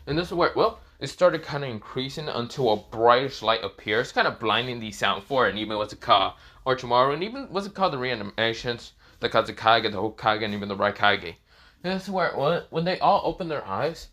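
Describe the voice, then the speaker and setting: A man's voice: mid-range voice, pushed and bright. Rambling man improvising a fan story. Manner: rambling, restarts with "this is where, well". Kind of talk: improvised fan-fiction narration.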